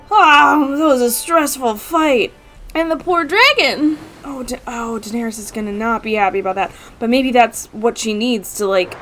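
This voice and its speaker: A woman hosting a reaction video, commenting casually and excitably, gasping and talking to the screen. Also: a little high.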